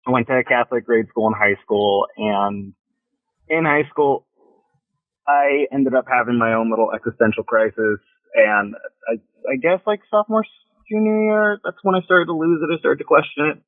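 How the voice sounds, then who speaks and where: A man's voice: mid-range voice, moderate pace, no echo. A man calling in to a show, talking in a hesitant, wry way with many fillers. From Ohio. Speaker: caller. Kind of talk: phone call to a show. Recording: tinny phone line, dry.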